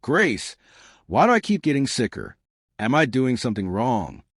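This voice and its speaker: A man puts on a frail, frightened young boy whose voice lifts higher than the narration, pleading in soft, quick questions. The read sits close to the mic with no room echo. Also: very animated, breathy edge.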